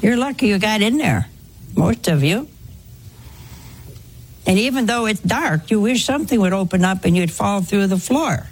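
A woman's voice: medium pitch, animated, moderate pace, pauses often, slightly rough. A woman giving a spoken sermon to a congregation in a folksy way, full of rhetorical questions and anecdotes. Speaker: religious speaker.

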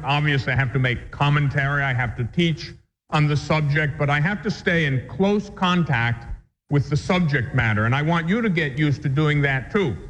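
Brief: earnest male priest lecturing a catechism class, slightly high voice, echoey dull recording. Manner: earnest, deliberate, reads text then explains.

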